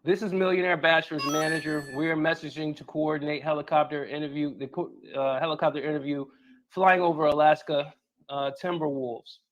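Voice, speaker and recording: A man recounting events and reading out messages in a plain, slightly halting way. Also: a little high, fairly even intonation.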